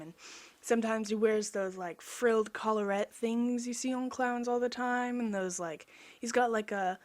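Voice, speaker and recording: A young woman chatting casually over her own drawing video, rambling and self-mocking, easily excited. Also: mid-range voice. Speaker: artist vlogger.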